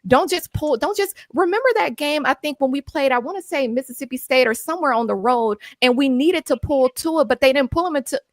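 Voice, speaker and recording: A woman's voice: high-pitched, brisk, few pauses, no echo, studio quality. A woman, a post-game show panelist ranting bluntly and heatedly on a video call from home, repeating herself when angry. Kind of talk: heated sports talk rant. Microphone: own microphone on a video call.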